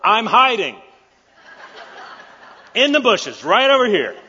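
A man's voice: high-pitched, huge pitch swings, takes it slowly, pushed and bright, voice pushed up, full character voice. A man voicing a sheepish first man caught hiding, making whiny, defensive excuses, in a dull recording with a long hall echo.

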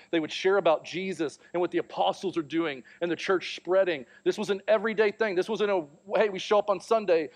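A man in his thirties preaching a sermon, telling a family story and acting out the voices in it. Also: on the high side. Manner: storytelling, animated, acts out quotes. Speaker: pastor.

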